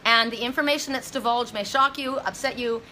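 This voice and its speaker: A woman's voice: fairly high pitch, fairly quick, bright, forceful tone, slight background noise. A woman psychic medium talking to her viewers in an intense, rambling monologue, with many restarts and dramatic retelling. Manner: dramatic retelling with voiced quotes.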